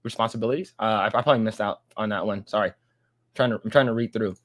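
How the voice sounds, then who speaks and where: A man's voice: fairly low pitch, quick pace, dry recording. A man hosting a casual livestream chat, rambling and laughing often. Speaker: podcast host.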